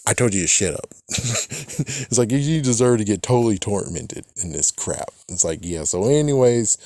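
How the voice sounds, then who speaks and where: A man's voice: lowish voice, a little mellow, dry recording, clean studio sound. A man casually reviewing a TV episode, rambling and cursing often, with frequent "it's like" asides. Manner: rambling, profane, repeats "it's like". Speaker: show reviewer.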